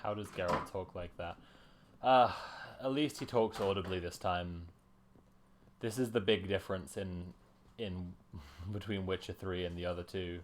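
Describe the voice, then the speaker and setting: A man's voice: low voice, fairly even intonation, a little slow, slight background noise. A man giving casual, chatty gaming commentary on a stream, swearing freely as he rants. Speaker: game streamer.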